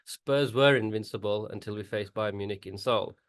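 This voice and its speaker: A man with a Birmingham accent co-hosts a casual football podcast. His voice sits somewhat low, and his delivery is laid-back and easygoing. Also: normal speed. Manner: laid-back, laughs easily. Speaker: podcast co-host.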